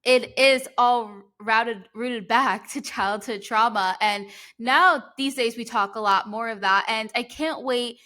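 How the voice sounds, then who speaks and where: A woman's voice: fairly high pitch, slow, hardly any pauses, pushed and bright. A woman in her thirties from New Jersey, hosting a podcast in a chatty way with many fillers. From New Jersey, USA. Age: 30s. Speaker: podcast host. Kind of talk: casual interview chat.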